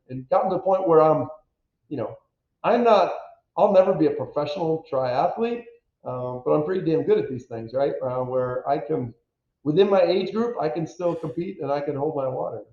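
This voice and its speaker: A man in his fifties from the United States, a former pro football player telling stories as an interview guest, animated and self-deprecating, acting out quotes. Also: on the high side, normal speed. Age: 50s. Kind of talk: candid storytelling interview. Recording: echoey, dull lo-fi audio.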